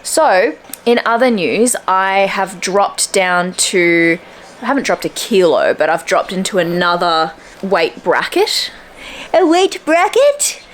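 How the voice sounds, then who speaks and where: Speaking slowly in a fairly bright tone over a little hiss or hum, this young woman vlogs to camera about her day at home. The fitness vlogger stays chatty and cheerful, though her voice turns squeaky and babyish when she addresses her dog.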